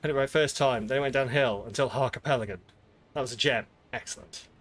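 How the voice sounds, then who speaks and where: A young British man with a southern English accent gives live commentary while streaming a game. His mid-range voice is fairly bright and quick, and he's playful and self-mocking, trying out silly voices.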